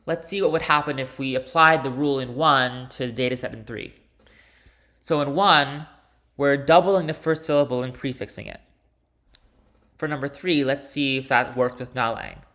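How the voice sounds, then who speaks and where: Male instructor, bright mid-pitched voice, methodical walkthrough with casual fillers. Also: normal speed. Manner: explains step by step, with fillers and restarts. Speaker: linguistics instructor. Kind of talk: recorded lecture walkthrough.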